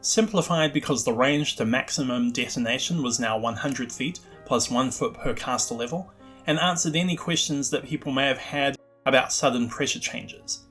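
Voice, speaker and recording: A man's voice: mid-range voice, normal speed, fairly bright tone, faint music behind. A man hosting a scripted narration about the history of a tabletop game spell, with wry, self-deprecating asides. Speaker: host.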